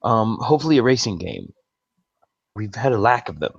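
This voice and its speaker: A man's voice: on the low side, big pitch swings, brisk, gravelly, a loud crowd. A man co-hosting a casual gaming podcast, joking around in a mock dramatic way. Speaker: podcast co-host. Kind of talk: casual group chat. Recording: muffled lo-fi mic.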